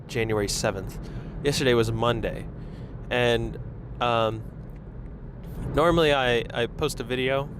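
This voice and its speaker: A young man talks to himself on a lapel mic while driving. His chat rambles and turns self-conscious, at a middle pitch. Faint road and traffic noise hums under him. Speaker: podcast host. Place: in a car in traffic.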